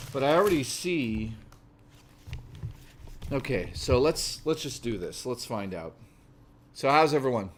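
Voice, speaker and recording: A man's voice: medium pitch, slight background noise. A man hosting a casual livestream, chatting and joking with frequent swearing while he builds a model, talking into a desk microphone. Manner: joking, profane and rambling. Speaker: livestream host.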